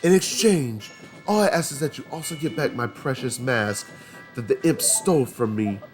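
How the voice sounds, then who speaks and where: A man's voice: medium pitch, expressive, normal speed, faint music behind, close to an everyday voice. A man voicing a creepy, overly polite male mask salesman from a video game. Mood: sly. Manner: formal, polite, unsettling.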